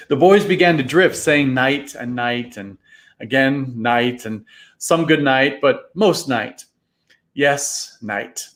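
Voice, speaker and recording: A man reading a storybook aloud in a live reading, with an expressive, dramatic delivery. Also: medium pitch.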